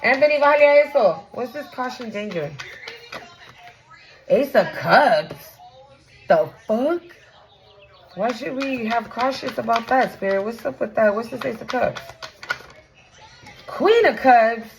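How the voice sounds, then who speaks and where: A woman's voice: a little high, takes it slowly, creaky, pauses often, noisy background. A woman giving a casual tarot reading to camera, blunt and profane, talking straight to the viewer and often asking "right?". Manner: animated, often exclaims and asks "right?". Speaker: tarot reader.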